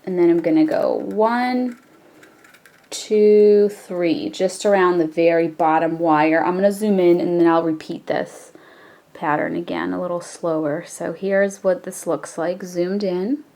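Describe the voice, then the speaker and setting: A woman hosting a jewelry-making tutorial, explaining each step in a relaxed, chatty way with frequent fillers. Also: on the low side, unhurried. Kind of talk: casual step-by-step craft tutorial.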